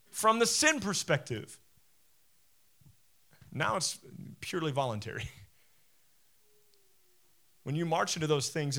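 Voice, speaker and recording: A man in his forties preaching a sermon as a pastor, animated and conversational, often self-deprecating. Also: high voice.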